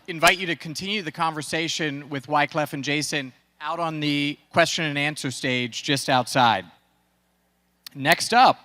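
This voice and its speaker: A man from New Orleans hosts a conference stage, formally reading announcements and introductions. His voice is slightly high and bright. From New Orleans, USA. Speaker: stage host, emcee. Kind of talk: scripted announcements.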